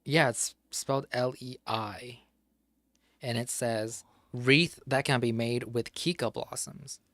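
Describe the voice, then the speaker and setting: A man's voice: medium pitch, fairly even intonation, slow pace, a bit bright, no room sound. A man casually talking to himself during gameplay, spelling out words letter by letter and muttering as he works through crossword clues, with the odd curse of frustration. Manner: swears in mild frustration. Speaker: gaming streamer. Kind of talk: casual solo gameplay commentary.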